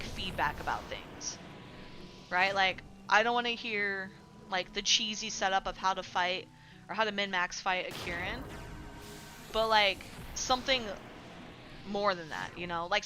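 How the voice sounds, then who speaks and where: Woman streamer, bright and forceful tone, loose rambling chat with swearing, faint background music. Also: medium pitch. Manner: rambling, lots of filler likes, swears casually. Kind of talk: casual chat with live chat.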